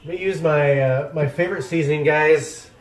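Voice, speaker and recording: Guy cooking in his kitchen and rambling to chat, kinda self-deprecating, some quiet music playing. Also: a little high, normal speed, reverberant. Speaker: cooking streamer. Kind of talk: casual cooking chat with live chat. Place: home kitchen.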